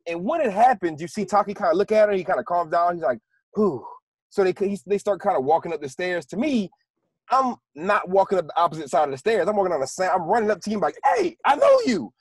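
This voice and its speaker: A man's voice: high-pitched, animated, no room sound. A male podcast co-host in casual chat, telling stories in a slangy, exasperated way. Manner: fast, slangy, exasperated storytelling.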